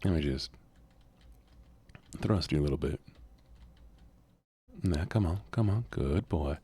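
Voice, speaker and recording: A man's voice: rumbling low, animated, takes it slowly, mellow, slightly rough, heavily acted. A man doing a Southern-accented voice, bossily coaxing and scolding a game character back into place. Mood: bossy coaxing. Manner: coaxing, scolding, drawled commands. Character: bossy Southern man herding a villager.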